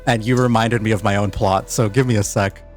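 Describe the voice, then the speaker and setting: A man's voice: on the low side, fairly even intonation, soft background music. A man narrating as game master of an online tabletop game, stumbling and restarting as he describes things. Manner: halting, restarts while describing, self-deprecating.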